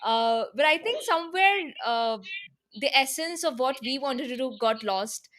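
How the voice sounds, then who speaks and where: A woman hosts the interview in a slightly high voice. She is agreeable and polite, and she fills her sentences with hesitant "uh" and "you know". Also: lively intonation, a little slow, a bit bright. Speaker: host. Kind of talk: casual interview conversation.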